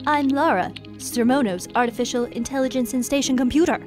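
A woman putting on a flat robotic station computer. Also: sits high, brisk, over music, close to an everyday voice. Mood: flat, measured. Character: calm female station AI computer.

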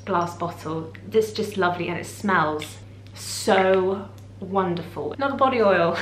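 A woman's voice: lowish voice, measured pace, a bit bright. A woman chatting casually for a lifestyle vlog, effusive and gushing about what she loves. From United Kingdom. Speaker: lifestyle vlogger. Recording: roomy with faint hum.

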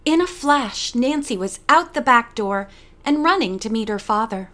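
A woman narrating a mystery novel for an audiobook in a steady storytelling manner. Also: on the high side, moderate pace. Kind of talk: scripted narration.

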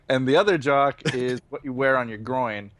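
A man's voice: mid-range voice, moderate pace, fairly bright tone, no echo. Joking man in casual gaming chat. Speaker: gamer friend.

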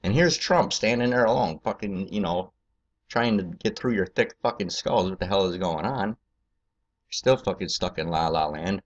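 Deep-voiced man ranting profanely. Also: expressive, normal speed, highs cut off. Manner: angry, profane, rambling. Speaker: political video host.

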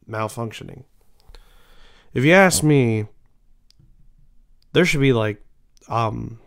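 Young man, casual solo talk, slow unhurried delivery, smooth clear voice, rambling with fillers. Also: medium pitch. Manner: rambling, many fillers and restarts. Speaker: show host.

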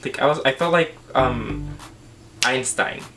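A man's voice: medium pitch, measured pace, music in the background. A young man telling a storytime vlog in a sassy, dramatic, profane way, full of fillers. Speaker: vlogger.

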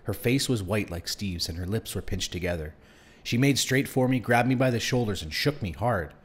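A man's voice: on the low side, lively intonation, normal speed, slightly rough. A man reading a novel aloud in the first person, telling the story expressively. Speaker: audiobook reader.

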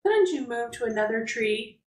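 A woman's voice: on the high side, expressive, normal speed, reverberant, close to an everyday voice. A woman reading aloud the letter of a tired, sleepless dormouse in a storybook. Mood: pleading.

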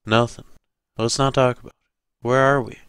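A man's voice: medium pitch, flat delivery, moderate pace, a bit bright, smooth, dry recording, voice pushed up, close to an everyday voice. A man voicing a rattled husband who is unnerved and jittery, read as part of an audiobook.

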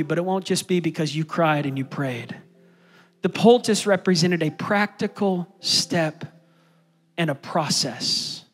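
A man preaching a sermon as pastor, building to loud, passionate calls and asking the congregation to respond. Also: on the high side, big-room sound.

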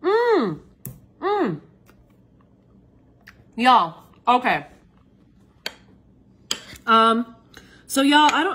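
A woman's voice: sits high, fairly bright tone, rough recording. A woman hosting a casual cooking demonstration, chatty and enthusiastic. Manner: chatty and enthusiastic, often saying "y'all". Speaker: cooking video host.

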